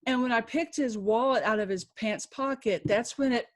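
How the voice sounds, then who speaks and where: A woman, a podcast guest, recounting a personal story in an emotional, halting way with many restarts and a faith-filled tone. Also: fairly high pitch.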